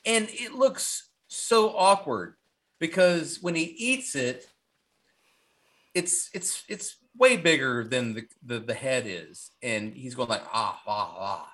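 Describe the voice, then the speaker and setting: A man co-hosting a podcast, casually recapping a horror movie in a rambling, profane, animated way. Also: a little high, slow. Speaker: podcast co-host.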